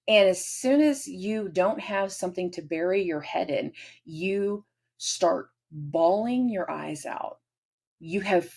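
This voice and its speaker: A woman with a husky, somewhat low voice talks through a casual astrology forecast. She is animated and slips into little acted-out scenes as she explains. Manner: animated, acts out everyday scenes. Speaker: astrology channel host.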